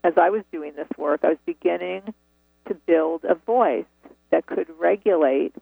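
Gravelly woman on a phone line. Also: fairly low pitch, normal speed, dry recording. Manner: earnest, reflective storytelling. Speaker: author and guest. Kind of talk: phone interview. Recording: tinny dry phone line.

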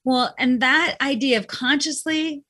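A woman with a high, bright, forceful voice speaks unhurriedly in casual conversation. She reflects on mindset and acts out her own inner thoughts in different voices.

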